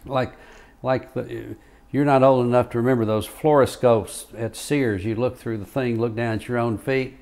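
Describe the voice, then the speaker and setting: Brief: an older retired lawyer reminiscing in an interview, unhurried anecdotes, chuckling between stories. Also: male voice, medium pitch, a little mellow. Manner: rambling anecdotal, frequent fillers, chuckles. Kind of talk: oral history interview storytelling.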